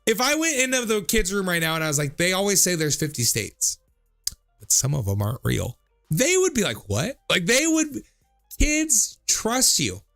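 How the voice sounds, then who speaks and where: A man in his thirties riffs on viewer comments with loose, joking commentary, cursing and cracking himself up. His voice is gravelly and bright, with lively swings in pitch. Faint music plays behind him. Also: moderate pace. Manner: animated, jokey, swears freely, laughs often. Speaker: streamer reading viewer comments. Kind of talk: casual comedic commentary.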